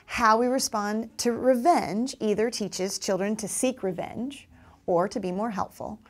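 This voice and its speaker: A woman's voice: medium pitch, unhurried. A woman teaching parents and teachers how to respond to children, acting out kids' voices and adult replies. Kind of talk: instructional talk to parents and teachers.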